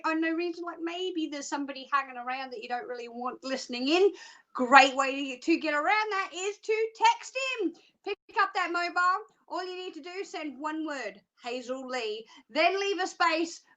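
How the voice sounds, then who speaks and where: A woman's voice: high-pitched, pushed and bright. A woman from Australia presenting a live psychic phone-in show, chatty, bubbly and self-mocking.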